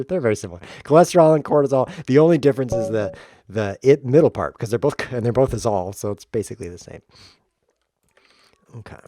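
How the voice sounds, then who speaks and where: A man hosting a chess stream, joking through playful deadpan tangents and mock lectures while he plays. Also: on the low side, no echo, studio quality. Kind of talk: rambling comedic commentary while playing.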